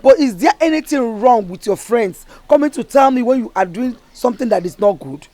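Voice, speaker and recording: A woman's voice: fairly high pitch, animated, a little fast, warm tone, no room sound, lightly acted. A woman playing an earnest, pleading Nigerian mother. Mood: scolding. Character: worried, moralizing village mother. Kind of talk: Nollywood film drama.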